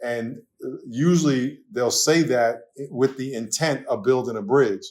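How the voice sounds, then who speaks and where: A man with a New York accent, a pastor talking as a guest in a casual interview, telling lively stories and laughing often. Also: mid-range voice, measured pace. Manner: animated storytelling, laughs often.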